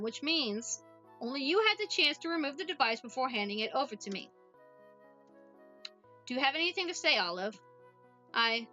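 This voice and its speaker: A woman's voice: high-pitched, sharp tone, dull audio. A woman voicing an earnest, polite young witch girl who talks in a formal, careful way in a voiced visual novel.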